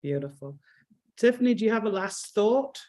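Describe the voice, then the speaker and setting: A woman moderating a webcast panel, warmly thanking each speaker and calling on the next. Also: medium pitch, expressive, moderate pace.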